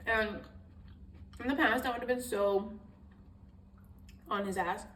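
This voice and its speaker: A woman's voice: a little high, slow pace, fairly bright tone, far from the mic. A young woman vlogger talks straight to camera in a loose, rambling storytime, candid and casually profane. Her voice sits a bit back from the phone mic, in a roomy, echoey space with a faint hiss underneath.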